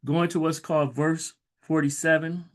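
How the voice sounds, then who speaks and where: A man reading scripture aloud slowly and stopping to explain it in loose, conversational asides, like a Bible teacher. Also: a little high, flat delivery. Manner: reads verses slowly, then breaks into loose conversational asides. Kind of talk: scripture reading with casual commentary.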